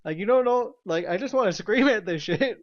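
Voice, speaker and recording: High-voiced man ranting with profanity. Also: lively intonation, a little fast. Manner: swears constantly, laughs between remarks. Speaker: political commentary vlogger. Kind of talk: angry profane rant. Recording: dull lo-fi recording.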